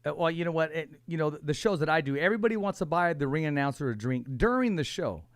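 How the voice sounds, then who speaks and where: A man hosts a casual interview in a quick, chatty manner and breaks in with jokes. He speaks at a brisk pace, and his voice sounds close and dry, with no room echo. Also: on the high side, lively intonation. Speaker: interview host.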